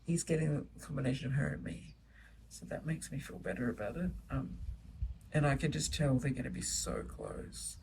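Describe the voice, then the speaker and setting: A woman's voice: low voice, vocal fry, darkish tone, distant mic, a little hiss or hum, low-quality recording. A middle-aged woman chatting to camera about her children in a gushing, chatty way, recorded at home. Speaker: vlogger, solo mother. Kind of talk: casual chat to camera. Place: home, indoors, baby asleep nearby.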